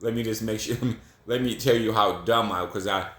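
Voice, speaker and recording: A man's voice: fairly low pitch, steady tone, moderate pace, fairly bright tone. Blunt man from Ohio, echoey room. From Columbus, Ohio. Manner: blunt, repetitive, swears, laughs at himself. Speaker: vlogger. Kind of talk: casual advice monologue.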